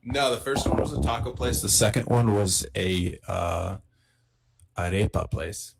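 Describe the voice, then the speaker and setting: A man co-hosting a casual live podcast, relaxed and chatty. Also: lowish voice, measured pace, creaky, background noise. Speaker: podcast co-host. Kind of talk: casual chat.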